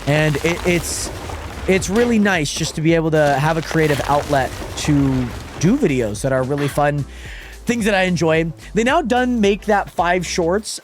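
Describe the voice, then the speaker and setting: A young man chatting casually with viewers while live-streaming a game, animated and often exasperated. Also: fairly high pitch. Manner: animated, swings between excited greetings and exasperated muttering.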